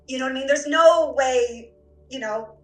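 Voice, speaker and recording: A woman with a somewhat high voice tells personal stories as a podcast guest. She speaks earnestly, often stumbling and repeating words as she goes. She keeps circling back to emotional moments in a conversational storytelling style. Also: echoey room, soft background music. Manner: earnest, repeats herself, halting with fillers. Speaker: psychic medium guest.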